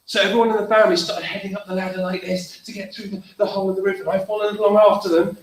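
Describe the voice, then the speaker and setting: A man's voice: high-pitched, racing. A man leading an interactive storytelling workshop for children, acting out the story and calling for responses. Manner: animated, leads actions and call-and-response. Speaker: theatre workshop leader. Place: school hall. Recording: echoey hall, distant mic, faint noise.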